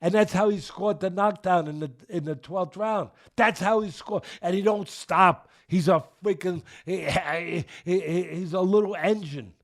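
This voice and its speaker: An older man giving an emphatic, repetitive fight breakdown as co-host, at times dropping to a low mutter. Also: measured pace, few pauses. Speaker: boxing analyst co-host.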